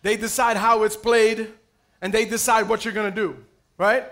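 A man's voice: sits high, moderate pace. A man pastor preaching a sermon, telling stories playfully, calling for amens and raising his voice at key points. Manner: lively, playful storytelling with calls for amen.

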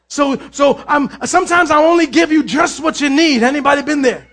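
A male pastor preaching a lively sermon in a church, with a very high, bright-toned voice. He jokes with the congregation, acts out biblical figures, and drops in Spanish phrases. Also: fairly quick, vocal fry, few pauses.

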